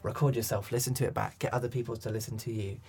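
A man's voice: mid-range voice, fairly even intonation, racing, darkish tone, husky. A man, a coach and director, talking through ideas in an interview, thoughtful with many restarts. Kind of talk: interview conversation.

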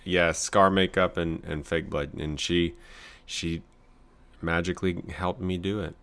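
Low-voiced joking man. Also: flat delivery, unhurried, fairly bright tone, clean tone. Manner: joking, teasing banter. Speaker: podcast co-host. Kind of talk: casual chat.

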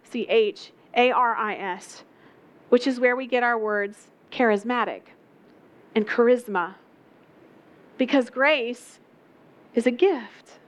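A woman's voice: on the high side, a little slow, fairly bright tone. A woman preaching a sermon, telling a story with emphatic repetition.

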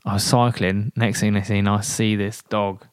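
A man, a guest and military veteran, telling anecdotes in an animated way with many fillers and restarts. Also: lowish voice, moderate pace, clear, resonant tone, no echo, clean studio sound. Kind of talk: storytelling in a podcast interview.

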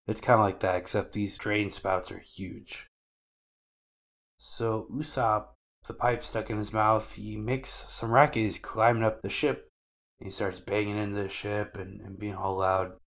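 A man's voice: on the low side, level tone, a little slow, a bit bright. A man co-hosting a podcast, casually recapping anime episodes in loose slangy talk and acting out the characters' lines.

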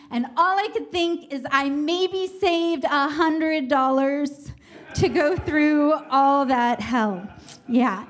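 A young woman telling a funny personal story to an audience, animated and self-mocking. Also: high-pitched. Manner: animated, self-mocking, vivid comic retelling.

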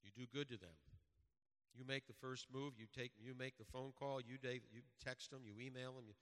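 A man's voice: mid-range voice, fairly even intonation, a little fast, a bit bright, big-room sound. A man preaching a sermon as pastor, earnest and exhorting, with direct repeated commands to his congregation. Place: church.

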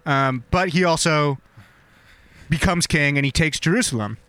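A man's voice: a little high, moderate pace, a bit bright, no echo. A young man casually retelling a story with slang and swearing, laughing and acting out the characters. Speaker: podcast host retelling a story.

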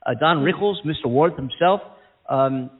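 A man's voice: fairly high pitch, normal speed, breathy edge. A male co-host telling a rambling story in casual chat. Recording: tinny phone-like line.

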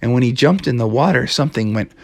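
A man improvising a playful bedtime story, slipping into silly high voices for his excitable prankster hero. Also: fast, gravelly, no room sound, studio quality.

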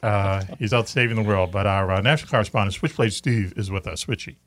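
A man's voice: fairly low pitch, fast, a little hiss or hum. A middle-aged man with a Boston accent, hosting a talk radio show in a loose, rambling, jokey way. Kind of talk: casual chat.

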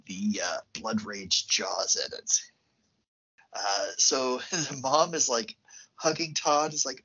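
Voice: medium pitch, takes it slowly, pushed and bright, husky, lo-fi sound. A podcast co-host casually recapping a film plot, laughing often.

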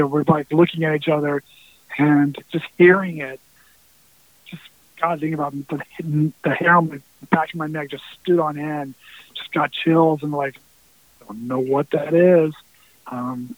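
A man tells a long story in a rambling, casual way, restarting often and swearing now and then. His voice sits a little higher than most men's. It sounds dry and tinny, like a phone line. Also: dry recording. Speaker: musician guest.

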